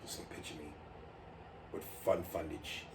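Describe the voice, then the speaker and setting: Man, podcast co-host, animated, loud riffing, roomy sound, faint hiss. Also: normal speed, vocal fry. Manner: animated, loud riffing with sudden pitch jumps. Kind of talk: casual chat, reading listener emails. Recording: roomy, distant mic with faint noise.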